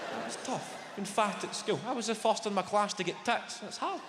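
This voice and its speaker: A man's voice: sits high, brisk, heavy background noise. A man in his thirties with a Scottish accent doing a stand-up routine, brash and sweary, telling his stories with lots of energy. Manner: brash, sweary, animated storytelling. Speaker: stand-up comedian. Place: large theatre stage. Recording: echoey live hall with audience.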